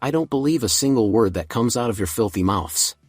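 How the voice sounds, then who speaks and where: A man voicing a cold, ruthless teenage boy who protects his sister, in a flat, even delivery. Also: medium pitch, brisk, dry recording, soft background music, close to an everyday voice.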